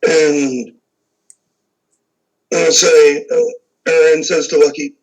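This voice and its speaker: A man's voice: a little high, wildly swooping pitch, very slow, pauses often, a little mellow, low-quality recording. A man narrating as game master, describing scenes in a rambling way full of fillers.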